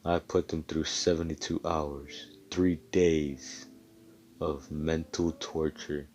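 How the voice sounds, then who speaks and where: A man's voice: extremely low pitch, level tone, slow, darkish tone, a little hiss or hum. A man doing a sneering young swordsman. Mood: cold. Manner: sneering, contemptuous, profane. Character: cold, taunting young male swordsman hero.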